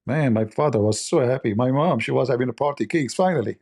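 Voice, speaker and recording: Gravelly, mellow-voiced man teasing his chat. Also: mid-range voice, brisk. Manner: teasing, joking, mock-offended banter. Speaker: livestream host. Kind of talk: casual livestream chat with viewers.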